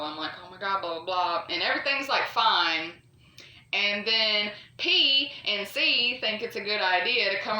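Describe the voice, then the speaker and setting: A woman's voice: mid-range voice, sharp tone. A woman casually telling a true ghost story, chatty and rambling with lots of asides and fillers. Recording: echoey room, voice a bit far from the mic.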